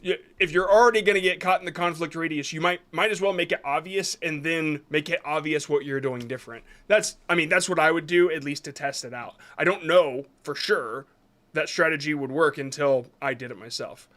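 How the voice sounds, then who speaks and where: A man's voice: a little high, a little fast, a bit bright. Casual man giving frank rambling advice. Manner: rambling, self-correcting, gives frank advice. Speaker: streamer reviewing viewers' shorts. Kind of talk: casual live-stream commentary.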